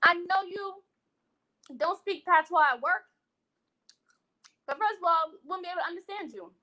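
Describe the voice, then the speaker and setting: Bright, animated woman host chatting live. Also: extremely high pitch, normal speed, low-quality recording. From West Indian, living in Brooklyn. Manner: animated, sassy, laughs often, addresses viewers as y'all. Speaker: host of a live eating show. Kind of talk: casual live-stream chat, reading comments.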